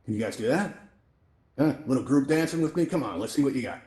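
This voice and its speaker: A man's voice: medium pitch, lively intonation, fast talker, mellow, echoey room, slight background noise. A man hosting a live virtual reality event, upbeat and chatty as he coaches the audience through the controls. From New York. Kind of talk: live instructional walkthrough. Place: virtual reality social space. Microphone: VR headset microphone.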